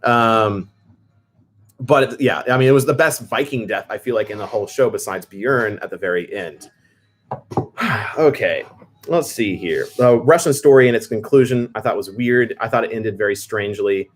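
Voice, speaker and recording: Guy on a livestream, kinda low voice, ranting and reading chat, gets fired up. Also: moderate pace. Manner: animated, reads chat comments, rants. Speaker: livestream host.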